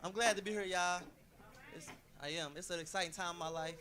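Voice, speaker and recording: A man's voice: high-pitched, fairly even intonation, a little fast, heavy background noise. A man from St. Louis doing a laid-back, conversational stand-up set. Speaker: stand-up comedian.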